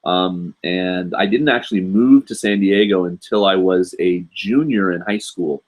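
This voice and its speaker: A man in his forties from the United States hosts a live online show and talks casually with viewers. His voice sits low. He rambles from one aside to the next, with plenty of ums and uhs. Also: a little slow, a little mellow. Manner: rambling, lots of fillers and asides. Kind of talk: casual live stream chat.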